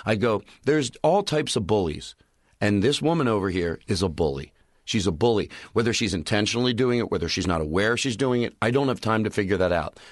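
A man in a close-miked podcast chat, recounting comedy club stories with animated energy. He talks plainly, then works up into loud, ranting bits when he acts out his anger. The sound is dry and close. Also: on the low side, fairly quick, no room sound. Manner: animated storyteller, rants loudly when acting out anger. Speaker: stand-up comedian telling stories.

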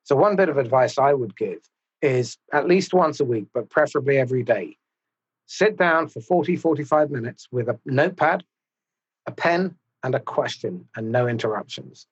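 A man hosting a podcast, talking in a measured, thoughtful and slightly formal way. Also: medium pitch, lively intonation, breathy edge, dull audio. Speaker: podcast host. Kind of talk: reflective interview talk.

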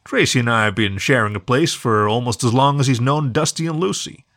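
A man's voice: mid-range voice, fairly quick, fairly bright tone, lightly acted. A man voicing a friendly bear who talks in a plain, good-humored way. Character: friendly male bear, easygoing.

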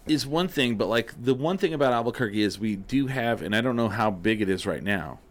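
A man's voice: medium pitch, animated, fairly quick. A man hosting a casual podcast conversation, laid-back and rambling with lots of fillers. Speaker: podcast host. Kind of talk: casual chat.

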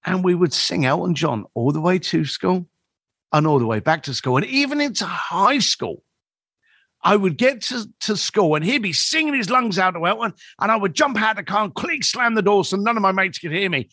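A man talking as a podcast guest, spinning a story and voicing the people in it. His voice sits fairly high and moves a lot in pitch. The recording is close and dry. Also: normal speed, breathy edge, no echo. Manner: animated storyteller who acts out quoted dialogue.

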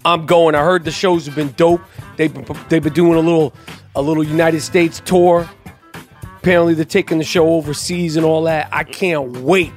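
A man's voice: on the high side, steady tone, moderate pace, faint music behind. A man hosting a podcast, telling stories in casual chat, heated and full of swearing. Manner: profane, heated storytelling. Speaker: podcast host.

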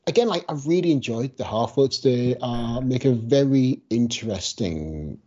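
A man's voice: medium pitch, expressive, normal speed, darkish tone. Enthusiastic male podcast co-host, dull lo-fi sound. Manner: enthusiastic, with many likes and trailing sentences. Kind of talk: casual chat.

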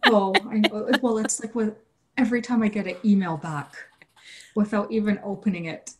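A woman who illustrates children's books, answering interview questions in a candid, relaxed way. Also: medium pitch, moderate pace, noisy background.

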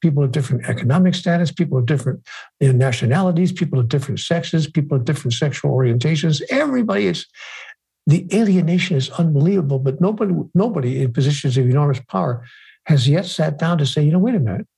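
An older man as a guest, speaking in a measured, emphatic storytelling manner. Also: a little high, animated, creaky, mellow, husky, low-quality recording. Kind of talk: reflective conversation.

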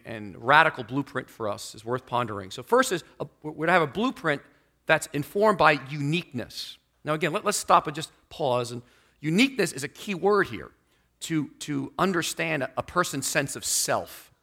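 A man preaching a sermon to his church, animated in delivery and acting out the people in his stories. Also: a little high, normal speed. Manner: animated, acts out quoted people in the story. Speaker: pastor.

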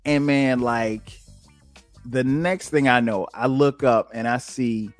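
A man from South Carolina hosting a podcast, telling stories in a relaxed, casual way and jumping up in pitch when he quotes himself. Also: slow, no echo, soft background music. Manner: animated, jumps high when quoting himself. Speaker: podcast host. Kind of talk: casual storytelling.

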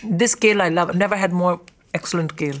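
A woman comedian from India, talking candidly over lunch in an interview, blunt and animated as she tells stories with quick asides. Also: fairly low pitch, a little hiss or hum. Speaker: stand-up comedian, guest. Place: at a restaurant table over lunch.

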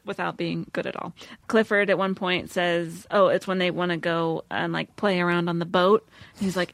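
A woman guesting on a podcast in casual chat, relaxed and chatty. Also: lowish voice, normal speed, no echo. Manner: relaxed, chatty, sharing favorite lines.

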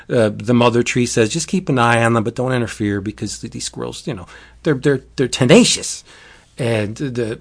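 A man casually recapping a book's plot, rambling, restarting often and laughing. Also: medium pitch. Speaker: book reviewer. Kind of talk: casual chat.

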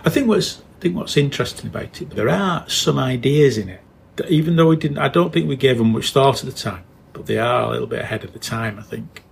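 A middle-aged man with a northern English accent, co-hosting a casual podcast chat, musing with halting restarts and frequent chuckles. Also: mid-range voice, gravelly, slightly rough. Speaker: podcast co-host.

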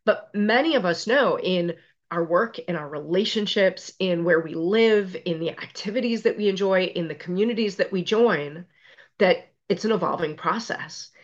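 This is a middle-aged woman speaking as an interview guest, telling personal stories with emphatic, self-deprecating humor. Her voice sits on the lower side and comes through a slightly muffled, lo-fi recording. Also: moderate pace. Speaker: guest, physician and resilience expert. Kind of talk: conversational interview storytelling.

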